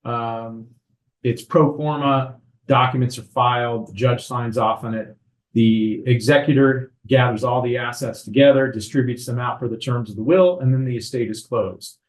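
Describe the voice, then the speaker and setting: A man, an estate planning attorney, explaining legal procedure in a measured way on a podcast conversation, slowing down on key terms. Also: mid-range voice, steady tone, low-quality recording.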